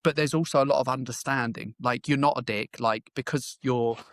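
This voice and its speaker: A man speaking as a business coach and podcast guest, his pitch sitting in the middle range. He talks frankly and conversationally, dropping the occasional swear word. The recording is close and dry. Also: steady tone, brisk, fairly bright tone, dry recording. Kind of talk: casual interview chat.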